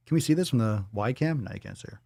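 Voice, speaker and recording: A man's voice: fairly low pitch, animated, rapid-fire, vocal fry, a little mellow, no echo, studio quality. A man hosting a casual livestream, playful and swearing freely, cooing at his dog in baby talk. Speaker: livestream host.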